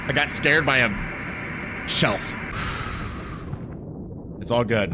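A gaming streamer gives nervous, joking commentary while playing a horror game, jumpy and easily startled. His voice is medium-pitched and slow, with background noise behind it.

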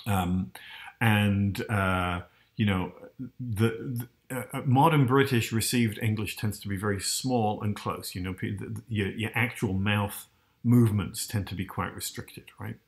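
Guy hosting, low voice, casual halting explainer, keeps asking you did you hear that. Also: fairly even intonation. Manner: hesitant, many restarts and fillers, asks the listener. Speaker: host.

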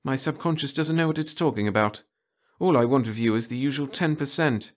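A man's voice: medium pitch, a little fast, voice pushed up, lightly acted. A man doing a cold, efficient woman agent. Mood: cool, scolding. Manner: crisp, cutting, unsentimental. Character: cool efficient female agent, sharp-tongued.

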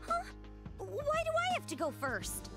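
A woman's voice: very high-pitched, wildly swooping pitch, measured pace, loud music behind the voice, heavily acted. A meek, hesitant young girl. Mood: startled. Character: timid, unsure young woman. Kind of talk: video game voice acting.

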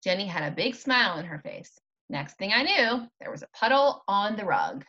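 A woman teacher reading a children's chapter book aloud with expressive storytelling. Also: mid-range voice, moderate pace. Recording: dull lo-fi recording.

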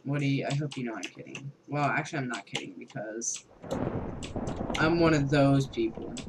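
A man's voice: mid-range voice, a little fast, vocal fry, heavy background noise. Rambling sarcastic young man gaming. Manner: rambling, sarcastic, heavy filler words, swears a lot. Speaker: gamer. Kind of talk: casual gameplay commentary.

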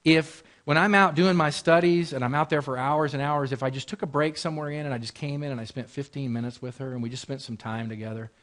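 A man's voice: mid-range voice, steady tone, quick pace, hardly any pauses, a bit bright. A married man preaching as pastor in a conversational way, repeating phrases and asking rhetorical questions. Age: adult, married. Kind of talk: sermon in a Bible class.

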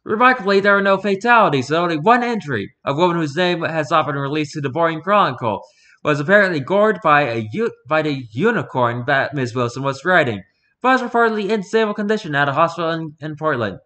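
A formal male newsreader, as a gamer puts him on delivers a report in a bright, slightly high voice. He reads in a stiff broadcast cadence but trips and restarts words as he goes. It has the feel of a stilted news-anchor impression from a video game playthrough. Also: lively intonation, fast. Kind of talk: reading in-game news text aloud.

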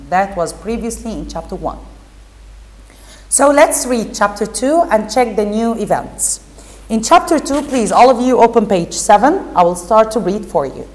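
A woman's voice: mid-range voice, in a large hall, rough recording. A woman teacher reading a storybook aloud to her class at a careful pace, stopping to explain words and correcting small slips.

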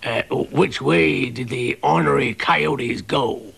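A man voicing a gruff old cowboy, drawling and hesitant. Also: mid-range voice, slow pace, a bit bright, faint music behind, full character voice.

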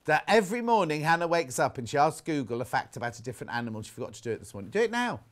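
A man's voice: on the high side, very animated, racing. An English man presenting live on a shopping channel, chatting away and reading viewer messages aloud. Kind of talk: live sales chat. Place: TV studio.

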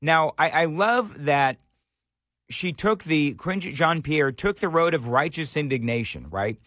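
Sarcastic talk radio host, dry studio. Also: male voice, on the high side, expressive, measured pace, fairly bright tone, dry recording. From Nashville area. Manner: sarcastic, rhetorical questions. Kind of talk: opinionated talk radio monologue.

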